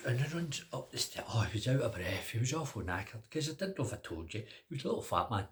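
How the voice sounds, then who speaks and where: An older man spins a bedtime tale in a relaxed, conversational way. He stretches words and drops to a hush at key moments, pausing for suspense. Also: medium pitch, slight background noise. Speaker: storyteller. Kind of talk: telling a children's story.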